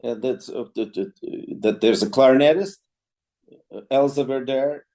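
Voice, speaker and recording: Mellow-voiced man telling a lively story. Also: medium pitch, moderate pace. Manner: animated anecdote-telling with many restarts and acted quotes. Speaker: clarinetist guest. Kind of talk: storytelling in an interview.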